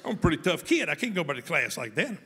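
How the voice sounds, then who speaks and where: A man telling a humorous story to an audience, folksy and lively, often laughing as he goes. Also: on the high side, quick pace, big-room sound.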